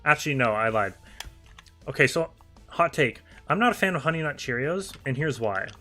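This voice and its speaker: Guy streamer, young, bright clear voice, chatty and animated, laughs a lot, faint music under him. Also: mid-range voice, normal speed. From United Kingdom. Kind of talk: casual livestream chat reading viewer messages.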